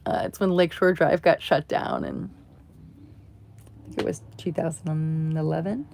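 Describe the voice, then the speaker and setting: A woman's voice: low-pitched, normal speed, vocal fry, noisy background. A woman hosting a casual livestream from home, telling a rambling story full of asides. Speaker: livestream host.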